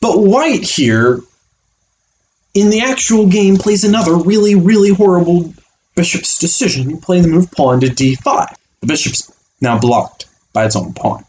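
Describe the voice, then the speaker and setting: A man as a chess coach giving an online chess lesson, animated and playful, acting out the pieces as little characters. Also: high voice, a little slow, a little hiss or hum.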